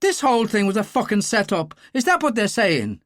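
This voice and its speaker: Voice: medium pitch, sing-song, fairly quick, a bit bright, no room sound, studio quality, pitched above the performer's own voice. An audiobook narrator voicing a desperate young male informer who pleads near tears. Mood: outraged.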